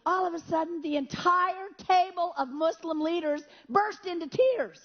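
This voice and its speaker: A woman preacher with a high voice tells an animated testimony, slipping into buzzing sound effects and quoted prayer. The recording is dull and lo-fi. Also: normal speed, soft background music. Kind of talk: storytelling sermon testimony.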